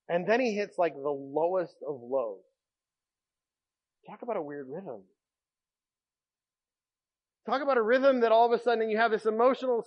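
A male pastor preaching a sermon, telling Bible stories with lively, animated delivery that swings from loud outbursts to hushed tones. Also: high voice, highs cut off.

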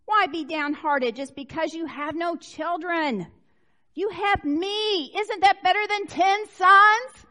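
A woman's voice: extremely high pitch, takes it slowly, sharp tone, voice pushed up, full character voice. A woman preacher playing a clueless husband who coaxes his wife in a raised, pleading tone.

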